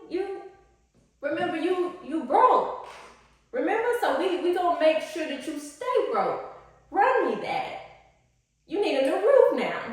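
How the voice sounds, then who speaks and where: A woman's voice: sits high, pitched above the performer's own voice. A woman voicing the universe as a sassy, taunting female figure who talks in slang. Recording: echoey room, voice off-mic.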